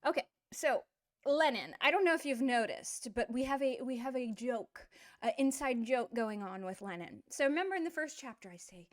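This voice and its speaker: A middle-aged woman leads an online language lesson with a slightly high voice. She explains in a playful, animated way and slips in quick asides to amuse herself. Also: dry recording, studio quality. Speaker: language teacher.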